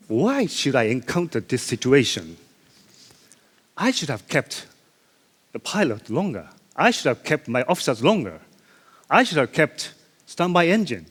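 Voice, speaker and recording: A man, a ship's captain telling a story in a conference speech, animated, with sound effects and self-deprecating asides. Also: on the high side. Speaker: ship captain giving a conference talk. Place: large conference hall. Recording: long reverb of a large hall.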